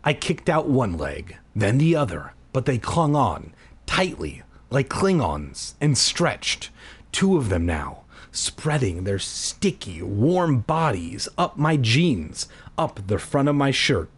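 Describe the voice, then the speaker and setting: A man hosting a podcast, reading a children's horror book aloud in an animated way and breaking off into crude throwaway jokes. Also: medium pitch, takes it slowly, breathy edge. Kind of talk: comedic read-aloud with jokey asides.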